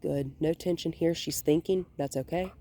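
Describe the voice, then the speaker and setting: A woman dog trainer filming a walk outdoors on a hand-held phone, calmly explaining and softly praising the dog. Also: low voice, moderate pace. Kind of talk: hands-on training demonstration. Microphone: phone held in one hand.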